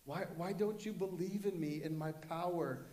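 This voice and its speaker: A man voicing a calm, commanding male teacher who speaks in a hushed, soothing way. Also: high-pitched, normal speed, echoey room, natural voice. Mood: gentle challenge.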